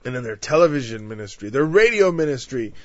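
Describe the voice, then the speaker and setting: A man preaching a conversational Bible-teaching sermon. He is emphatic, builds louder through lists and drops in frequent "you know" asides. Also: mid-range voice, very animated, fast talker, no echo. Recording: dull, dry lo-fi recording.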